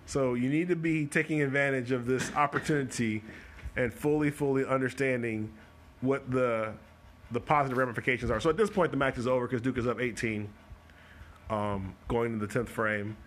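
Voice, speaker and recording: Breaking down bowling shots for his coaching show, the male host keeps things chatty and joking, his words coming fast in spurts. His medium-pitched voice holds a steady tone over the faint noise of the live stream.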